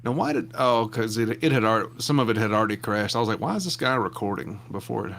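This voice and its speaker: A man's voice: on the low side, animated, fast talker, creaky, a bit bright. A man co-hosting a casual live chat show with wry, joking commentary.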